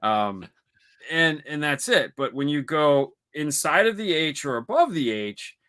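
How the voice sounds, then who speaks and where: A man's voice: on the high side, expressive, unhurried, bright, forceful tone. A man from Michigan, co-hosting a podcast in casual, rambling, joking chat. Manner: joking, rambling, with mock voices. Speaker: podcast co-host.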